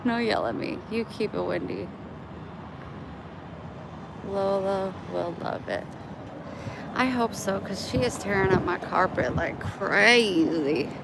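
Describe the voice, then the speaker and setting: A woman's voice: mid-range voice, lively intonation, slow, gravelly, pauses often, background noise. A talkative, upbeat woman chatting with her viewers on a vlog, recorded on a phone outdoors in a parking lot. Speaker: vlogger. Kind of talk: chatty live-stream vlog.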